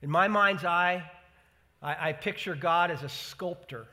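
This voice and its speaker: A man preaching a sermon, moving between hushed earnest passages and emphatic rising declarations, often repeating phrases for effect. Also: high-pitched, unhurried. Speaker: pastor.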